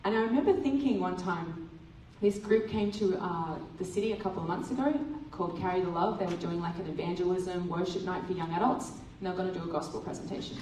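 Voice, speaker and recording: A woman giving a testimony sermon at church, telling a lively story and acting out the dialogue. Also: lowish voice, fast, hardly any pauses, a little hiss or hum. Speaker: church speaker. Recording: roomy hall from a distant mic.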